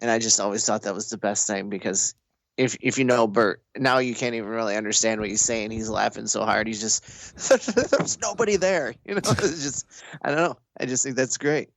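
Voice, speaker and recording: A man's voice: fairly low pitch, steady tone, brisk, creaky, a bit bright, no echo. A man co-hosting a casual podcast. He tells anecdotes, laughs easily and trades banter. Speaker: podcast co-host.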